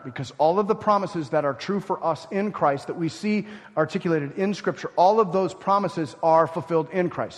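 A man preaching a sermon as pastor, stressing key points loudly and dropping to quiet asides. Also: on the high side. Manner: emphatic, swings between loud stresses and quiet asides. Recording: long hall reverb.

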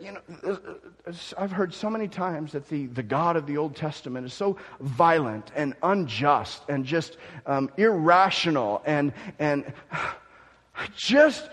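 A man delivers a sermon in a slightly raised voice, one moment declaring loudly and emphatically, the next dropping to a soft, gentle murmur. He often stumbles and repeats words as he restarts. His voice carries a long reverb, as if in a large church sanctuary. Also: fairly high pitch, expressive, unhurried. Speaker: preacher.

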